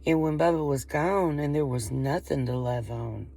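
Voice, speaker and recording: Speaking at a normal pace in a low, creaky voice with a dark tone, this vlogger from Appalachian coal country in the US talks casually to the camera in a Southern Appalachian accent. She's rambling and folksy and often interrupts herself.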